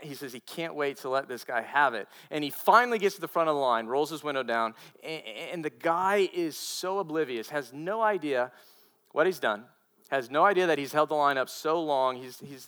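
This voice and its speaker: A man's voice: a little high, fairly bright tone. A male pastor preaching a sermon and telling a story earnestly, often repeating himself and restarting phrases.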